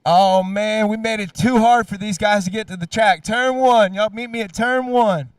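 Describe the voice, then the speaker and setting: A man doing loud, teasing live commentary at an outdoor racetrack. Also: sits high, normal speed, clear, resonant tone, no room sound, recorded from a distance. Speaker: track announcer. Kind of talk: live trackside hype commentary.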